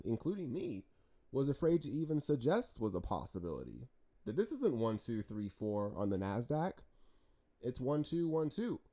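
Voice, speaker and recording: A man giving casual market commentary over charts, animated and talkative, with frequent restarts and jokes. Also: mid-range voice. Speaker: stock market chart analyst.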